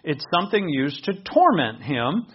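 A man's voice: a little high, sing-song, normal speed, husky. A man preaching a sermon in an earnest, explanatory way, asking his listeners questions. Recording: dull lo-fi recording.

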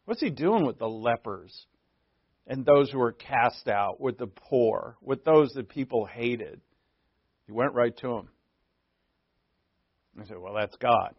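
A man preaching from the pulpit in an easygoing, questioning way, his voice slightly gravelly at a middling pitch. The recording is dry with little room sound and a somewhat dull, lo-fi tone. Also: lively intonation, a little slow, no room sound. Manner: conversational preaching, asks the congregation questions. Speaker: pastor. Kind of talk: sermon.

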